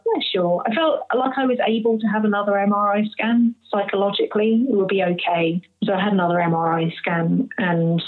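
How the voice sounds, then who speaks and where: A woman in her thirties, an interview guest, telling a personal story candidly and with feeling, acting out what others said. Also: mid-range voice. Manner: candid, emotional, acts out others' speech. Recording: phone-like narrow audio.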